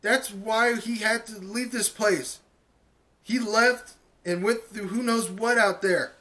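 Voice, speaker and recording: A man's voice: high voice, steady tone, takes it slowly, pushed and bright, voice pushed up, full character voice. A man voicing a determined teenage girl hero making an impassioned plea to a crowd. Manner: impassioned, raised speechmaking.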